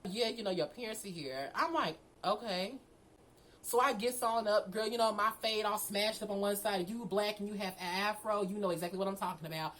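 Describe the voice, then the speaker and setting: A young woman casually telling a story from her own life, animated, full of slang and swearing. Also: mid-range voice, brisk, slight background noise, low-quality recording.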